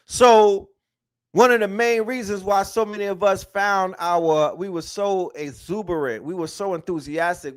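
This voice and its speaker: Hosting an online talk, a man speaks at normal speed in a high-pitched voice. His delivery resembles an animated lecture, emphatic and full of slang and repetition.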